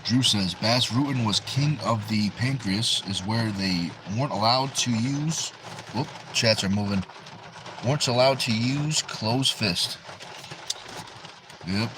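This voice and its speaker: A man's voice: medium pitch, a little slow, noisy background. A man with a New England accent hosting a livestream, casually reading viewers' chat messages aloud and answering them. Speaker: livestream host.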